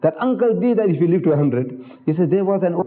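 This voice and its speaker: A man's voice: sits high, lively intonation, fast. An older man giving a public religious lecture in an emphatic, rhetorical manner, speaking directly to his audience. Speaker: Islamic lecturer. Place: lecture hall. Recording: tinny lo-fi archival lecture tape.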